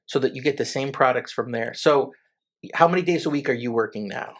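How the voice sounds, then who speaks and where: A man's voice: mid-range voice, fairly quick. Chatty man hosting a studio interview. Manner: chatty, asks rambling questions with restarts. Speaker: podcast host and lawyer. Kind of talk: casual interview conversation. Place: podcast studio.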